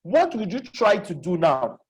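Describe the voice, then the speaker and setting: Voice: mid-range voice, sing-song, measured pace, slightly rough, poor audio. A presenter giving a live online lecture as facilitator, repeating key questions and checking that listeners follow. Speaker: webinar facilitator. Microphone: video call.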